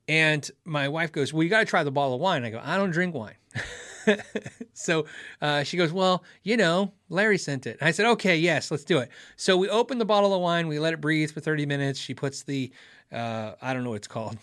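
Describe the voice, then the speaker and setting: A man's voice: medium pitch, fairly bright tone, dry recording, clean studio sound. A middle-aged man hosting a casual livestream, rambling through a story with self-corrections and chuckles, then answering chat. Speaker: livestream host reading chat.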